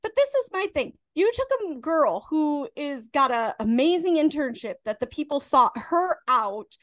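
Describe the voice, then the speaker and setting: A woman with a high voice co-hosting a tipsy movie-review chat. She is blunt and wry and teases her partner. The sound is dry, with no room echo. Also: very animated, moderate pace, fairly bright tone. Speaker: podcast co-host.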